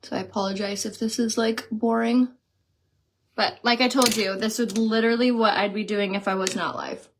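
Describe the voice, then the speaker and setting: A woman's voice: fairly high pitch, fairly even intonation, moderate pace, a little hiss or hum. A woman chatting casually during a live makeup stream, reading viewer comments aloud and telling stories. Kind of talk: casual live chat while doing makeup.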